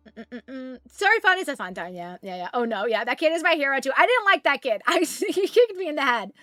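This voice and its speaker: A woman's voice: sits high, sharp tone, no echo, studio quality. A woman from Canada streaming a game, chatting with viewers in a rambling, storytelling way. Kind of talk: casual chat with viewers while gaming.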